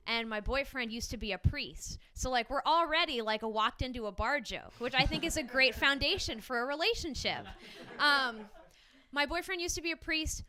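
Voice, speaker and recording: A woman's voice: high voice, pushed and bright, a little hiss or hum. A young woman doing a stand-up comedy set before a small live audience, chatty and self-deprecating with frequent ums and laughs.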